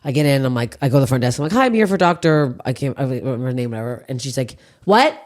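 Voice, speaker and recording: Fast-talking woman telling stories. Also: very deep voice. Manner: rapid, profane, animated storytelling. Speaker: podcast host. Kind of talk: casual chat.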